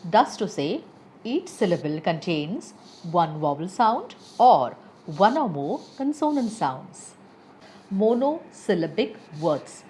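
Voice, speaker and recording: Female teacher, slow and expressive, lesson on word stress. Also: on the low side, a little hiss or hum. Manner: slow, careful, reads example words twice. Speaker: English teacher. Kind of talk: pronunciation lesson.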